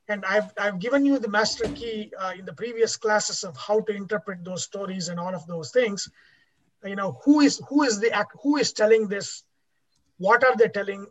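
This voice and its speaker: A man's voice: high-pitched, a bit bright. A man teaching a class in an explanatory lecture style, often restarting his words and checking in with "right?". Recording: dull lo-fi recording.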